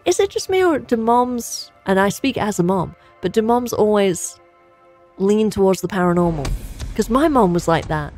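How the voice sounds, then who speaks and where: A woman's voice: medium pitch, lively intonation, moderate pace, a little mellow, faint music behind. A woman co-hosting a gameplay stream, reading chat aloud and chatting freely with swearing. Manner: chatty, swears, laughs easily. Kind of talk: casual chat.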